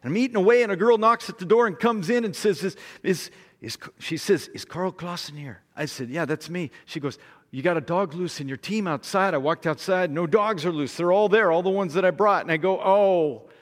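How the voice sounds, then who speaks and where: A middle-aged man giving a sermon as guest speaker, telling a story with lively acted-out voices. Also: sits high, a little fast. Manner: animated storyteller, acting out voices. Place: large church hall. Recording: long hall reverb.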